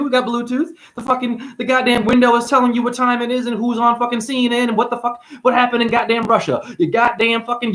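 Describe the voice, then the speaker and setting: A man vlogging a rambling, profane spiritual rant, preaching with big swings in pitch. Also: fairly bright tone.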